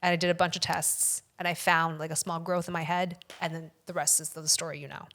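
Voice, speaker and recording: A woman's voice: fairly low pitch, little pitch movement, fairly quick, fairly bright tone. A woman guest on a podcast, telling a story in a casual way, rambling and swearing for emphasis.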